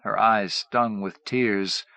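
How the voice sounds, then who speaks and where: A man's voice: on the low side, fairly even intonation, slow, creaky, pushed and bright, no room sound. A man reading a novel aloud as an audiobook narrator, with dramatic, varied delivery. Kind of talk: scripted narration.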